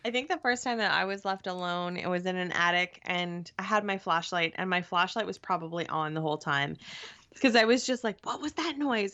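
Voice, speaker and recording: A woman chatting casually in an interview and telling stories with lively acted-out quotes. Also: medium pitch, dull audio. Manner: animated storytelling with acted-out quotes and laughs. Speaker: podcast co-host and TV show cast member.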